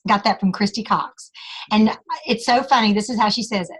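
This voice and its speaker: A woman giving a sales training talk, calmly walking the listeners through her script step by step. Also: on the high side, fast talker, husky, poor audio.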